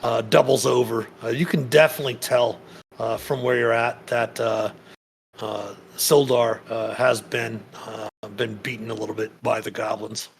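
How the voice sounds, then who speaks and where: A man narrating as game master in a tabletop game, describing scenes in a halting way with frequent pauses to search for words. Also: medium pitch, flat delivery, gravelly, a little hiss or hum. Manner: halting, many fillers and restarts while describing the scene.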